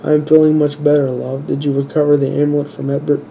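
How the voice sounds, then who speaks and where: A man's voice: a little high, completely flat delivery, fast talker, gravelly, lo-fi sound, slight background noise. A cool, commanding princess, read by a man. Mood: calm. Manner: plain, barely changed reading voice.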